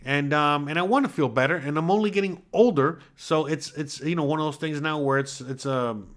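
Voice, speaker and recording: A man's voice: on the high side, fairly quick, a bit bright. A middle-aged man from the US East Coast hosting a casual solo chat, rambling and swearing freely with lots of "you know" fillers. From East Coast of the USA. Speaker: podcast host.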